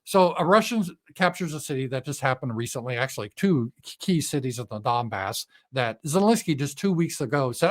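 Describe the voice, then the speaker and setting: A man's voice: medium pitch, expressive, fairly quick, hardly any pauses. A man giving a casual political commentary monologue in a blunt, profane, sarcastic manner.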